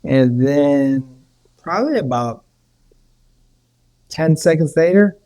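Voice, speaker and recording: A man's voice: fairly high pitch, expressive, takes it slowly, mellow, clear, resonant tone. A man, a healer guest on a podcast, telling a story in a rambling way with many repeats and restarts. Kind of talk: casual storytelling.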